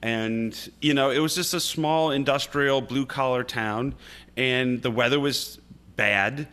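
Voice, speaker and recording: A man's voice: mid-range voice, unhurried, bright, forceful tone, smooth. A man from upstate New York, a guest musician chatting in an interview and telling anecdotes with frequent restarts. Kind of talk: casual interview chat.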